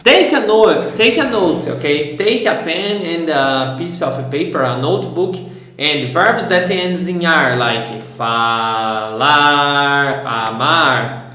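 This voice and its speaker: A man's voice: high voice, animated, measured pace, a bit bright. A man with a Brazilian accent, a native Portuguese speaker, giving an online language lesson and patiently spelling out each verb form. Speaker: Portuguese teacher. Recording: roomy echo.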